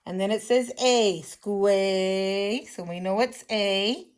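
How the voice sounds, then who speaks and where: An older woman teaching children phonics, slowly and patiently sounding out words and letters. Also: mid-range voice.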